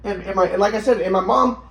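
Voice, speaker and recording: A man's voice: high-pitched, creaky, a bit bright. A man rambling agitatedly through a personal story, swearing often and restarting his sentences. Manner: agitated, profane, repeats and restarts himself. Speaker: vlogger telling his own story. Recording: echoey room.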